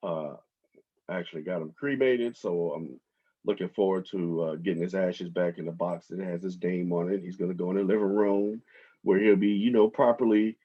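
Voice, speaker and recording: A man hosting his own podcast, telling relaxed stories from his home office with lots of fillers. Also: sits low, normal speed, narrow, tinny audio. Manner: relaxed storytelling with frequent fillers. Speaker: podcast host. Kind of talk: casual monologue.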